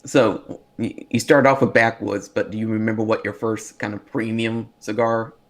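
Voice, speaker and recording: Low, flat-voiced podcast host man. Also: normal speed. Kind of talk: casual interview.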